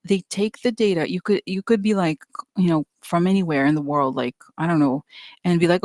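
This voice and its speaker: A psychic reader giving casual commentary, rambling and animated, with lots of fillers and quoted voices. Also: mid-range voice, a little fast, no echo, clean studio sound.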